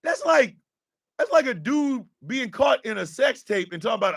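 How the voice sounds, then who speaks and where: Gravelly high-voiced man ranting loudly. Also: big pitch swings, moderate pace. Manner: profane, exasperated, often shouting. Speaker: podcast host. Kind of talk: comedic rant.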